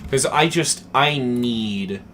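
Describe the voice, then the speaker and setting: A young man chatting casually as a streamer, telling a story with lots of swearing, dropping to mumbles and then getting excited. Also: medium pitch, slow pace, background noise. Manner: animated, profane, swings between mumbling and excited.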